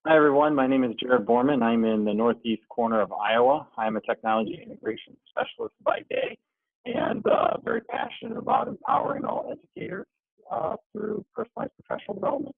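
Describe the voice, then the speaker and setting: A man who works as a technology integration specialist, introducing himself quickly over a call. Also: medium pitch, wildly swooping pitch. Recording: gravelly tinny phone-like call line.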